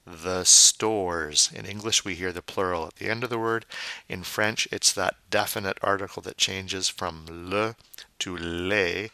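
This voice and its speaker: A man teaching a recorded French vocabulary lesson, drilling pronunciation by repeating model words slowly, with playful asides. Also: sits low, bright, forceful tone, no echo.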